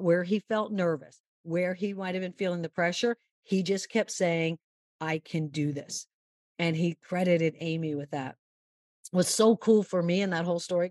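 A woman golf mental-game coach giving a long, animated interview answer and acting out the quotes in her story. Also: lowish voice, no room sound, clean studio sound.

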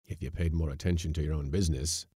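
A man voicing a pompous, touchy male schooner skipper in a storybook reading, gruff and stern. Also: very deep voice, fairly even intonation, fast, warm tone, no echo, clean studio sound.

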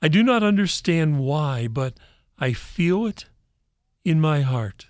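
A man reading aloud as an old, wise shepherd, quiet and reflective, speaking very slowly. The sound is dry and close. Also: on the high side, animated, dry recording.

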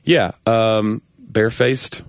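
A man co-hosting a casual podcast, jokey and fond of acting out quick voices in his stories. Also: lowish voice, steady tone, creaky, no room sound. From Southern United States. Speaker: podcast co-host, comedian. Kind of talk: casual chat.

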